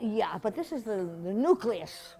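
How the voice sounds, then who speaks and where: A woman's voice: medium pitch, sing-song, unhurried, dark tone. A woman in her seventies giving a chatty, playful slide-show talk to a museum audience, full of asides and laughter. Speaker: guest speaker at a museum talk.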